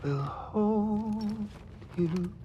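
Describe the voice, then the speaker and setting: A woman singing a tender, slow lullaby in a game soundtrack. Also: mid-range voice, lo-fi sound, background noise.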